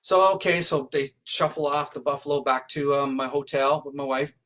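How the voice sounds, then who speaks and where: Man from Canada, slightly high voice. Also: fairly even intonation, moderate pace, fairly bright tone. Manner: rambling, acts out quoted dialogue. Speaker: interview guest. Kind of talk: animated anecdotal storytelling.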